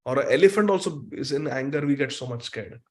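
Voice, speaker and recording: A man giving a scripture lecture who chants Sanskrit verses and then retells the story with animated explanation. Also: medium pitch, quick pace. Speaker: spiritual teacher.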